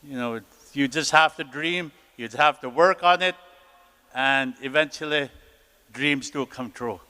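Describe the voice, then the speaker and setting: A man's voice: medium pitch, unhurried, bright, forceful tone, clear, resonant tone. An older man, a councillor, giving an encouraging speech at a conference and telling stories in a folksy way. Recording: reverberant hall.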